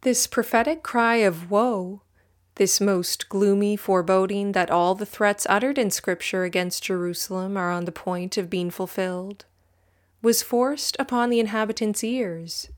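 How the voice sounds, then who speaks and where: A woman reading a religious history text aloud in a measured, solemn way, speaking the footnote citations too. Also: medium pitch. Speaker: audiobook reader.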